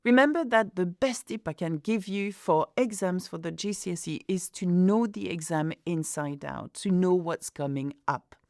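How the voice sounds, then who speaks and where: A woman tutor giving a clear, deliberate video lesson on exam tips, reading out French examples. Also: on the low side, darkish tone, dry recording, clean studio sound.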